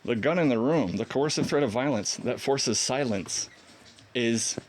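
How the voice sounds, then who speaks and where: A defiant man tells a long story in a casual, animated monologue, acting out quoted dialogue and laughing often. His voice sits at an ordinary middle pitch. A faint hiss is heard behind him. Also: measured pace. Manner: defiant, combative. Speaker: vlogger.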